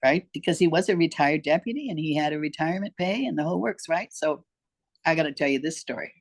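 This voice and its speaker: An older woman speaks as a podcast guest, her voice sitting a little low. She tells her story earnestly and circles back to repeat key lines. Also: expressive, fast talker, gravelly. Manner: emphatic, repeats herself for weight. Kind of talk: personal storytelling in conversation.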